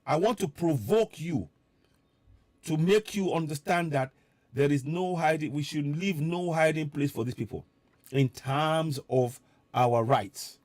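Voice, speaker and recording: A man's voice: a little high, a little slow, a little mellow, no room sound. A man giving a fervent live-streamed address to viewers abroad, repeating his points with preaching emphasis. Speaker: political commentator addressing diaspora viewers.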